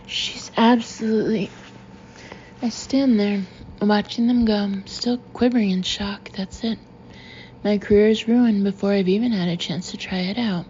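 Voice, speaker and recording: Woman narrating a novel, flat and mellow. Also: mid-range voice, muffled recording, a little hiss or hum. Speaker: audiobook narrator. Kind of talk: first-person novel narration.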